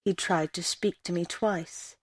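A woman's voice: lowish voice, steady tone, measured pace, slightly rough, no echo, clean studio sound. A woman reading the lines of a frightened young country girl, speaking timidly and hesitantly. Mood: tearful.

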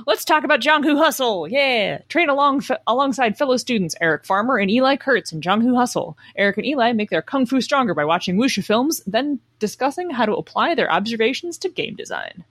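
A woman's voice: fairly high pitch, animated, a little fast, hardly any pauses, fairly bright tone, no echo. A young adult woman co-hosting a podcast, dry and wry, chatting and reading sponsor spots. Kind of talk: casual podcast chat and ad reads.

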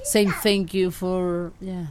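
A woman's voice: fairly low pitch, level tone, takes it slowly, darkish tone, a little hiss or hum. A woman from Spain with a Spanish accent, chatting casually and laughing often. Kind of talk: casual chat.

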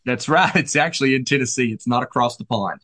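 Fairly quick and medium-pitched, a furniture store co-owner walks casually around his showroom, talking up the pieces in a friendly, easygoing sales manner. There is no room sound.

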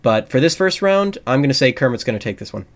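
A man's voice: medium pitch, very animated, quick pace. A man co-hosting a podcast, chatting casually and hedging with lots of fillers. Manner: hesitant, hedging, many fillers. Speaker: podcast co-host.

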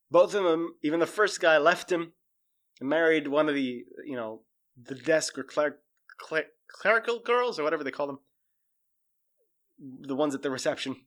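A man giving casual commentary, rambling and profane, animated as he tells the story. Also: a little high.

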